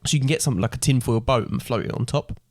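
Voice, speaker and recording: A man's voice: medium pitch, racing, creaky, dry recording, studio quality. A man co-hosting a casual podcast, explaining ideas at length and thinking aloud. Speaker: podcast co-host. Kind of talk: casual chat.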